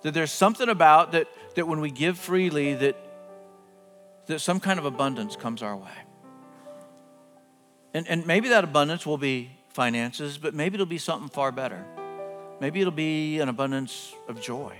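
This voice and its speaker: A middle-aged man preaching a sermon earnestly, often dropping to hushed, drawn-out words for emphasis. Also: fairly high pitch. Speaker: pastor. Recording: long hall reverb, faint music behind.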